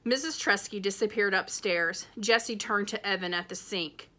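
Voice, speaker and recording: Bright-voiced woman reading a chapter book. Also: medium pitch, moderate pace. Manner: expressive storytelling. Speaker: teacher.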